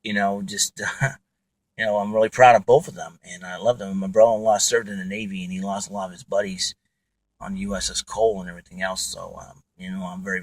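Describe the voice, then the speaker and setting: A man's voice: low voice, little pitch movement, fairly quick, no echo, rough recording. A man hosting his own podcast, talking alone in a rambling way with many fillers and restarts. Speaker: podcast host. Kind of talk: casual monologue.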